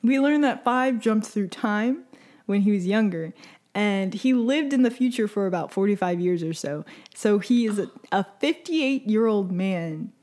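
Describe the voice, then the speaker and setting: Animated young woman recapping a show. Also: mid-range voice, unhurried. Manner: animated storytelling with laughs and quoted voices. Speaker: podcast co-host recapping a series. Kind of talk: casual chat.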